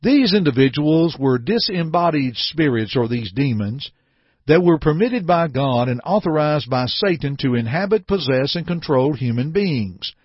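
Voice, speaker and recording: Brief: male preacher, earnest and emphatic sermon delivery, slightly high voice, dry, dull recording. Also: lively intonation, moderate pace, breathy edge, no room sound. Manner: earnest, emphatic, addresses the listeners as dear friends. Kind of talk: sermon with scripture reading.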